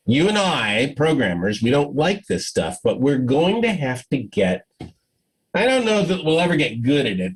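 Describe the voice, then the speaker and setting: A man's voice: mid-range voice, slightly rough, poor audio. A man giving a conference talk by video call, telling stories and acting out dialogue with frequent laughs. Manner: animated storyteller, acts out dialogue, laughs often. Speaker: conference speaker.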